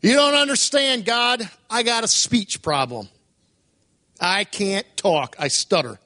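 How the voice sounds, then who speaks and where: A man's voice: high voice, big pitch swings, slow pace, pushed and bright, full character voice. A man preaching voices a reluctant man who stammers and pleads that he cannot speak. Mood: pleading. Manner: pleading, stuttering protest. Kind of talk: acted quote in a sermon.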